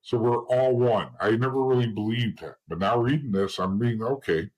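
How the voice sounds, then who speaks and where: A man's voice: mid-range voice, moderate pace, a little mellow, slightly rough, poor audio. A middle-aged man telling his life story as an interview guest, blunt and rambling, often restarting and saying "you know.". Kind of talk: candid personal storytelling in an interview.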